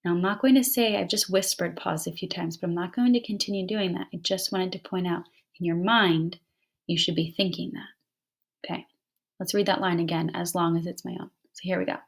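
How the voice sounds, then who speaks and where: A woman teaching a fluency lesson to young readers over a computer, reading a short poem aloud and explaining its pauses in a clear, patient way. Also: lowish voice, steady tone. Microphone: computer mic, online class.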